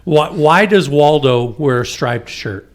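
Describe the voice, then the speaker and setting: A man's voice: on the high side, lively intonation, takes it slowly. A man chatting casually on a company podcast, joking and telling dad jokes. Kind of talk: casual chat.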